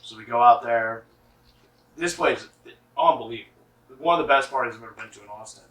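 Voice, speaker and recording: A young adult man, a musician appearing as a guest, tells stories in a loose, casual way, swearing freely and packing his speech with "like." His mid-range voice is a little fast and a bit bright. He sits far from the mic in an echoey room.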